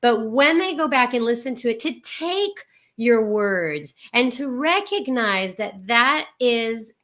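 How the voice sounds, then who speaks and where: A woman host chats casually and heaps effusive praise on her guest. Her voice is bright and sharp and sits a little high. She talks in quick bursts. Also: expressive. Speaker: call host. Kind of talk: casual chat.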